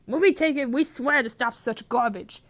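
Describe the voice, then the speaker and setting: A woman's voice: sits high, moderate pace, fairly bright tone. A woman voicing a blustering, angry middle-aged uncle in a comedic script reading.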